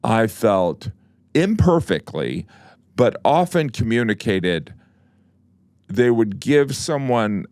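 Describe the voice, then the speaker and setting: A man's voice: mid-range voice, very animated, takes it slowly, long pauses, a little mellow, no echo. A man chatting as a podcast guest, rambling with many restarts and dry teasing. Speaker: guest comedian. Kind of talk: casual podcast chat.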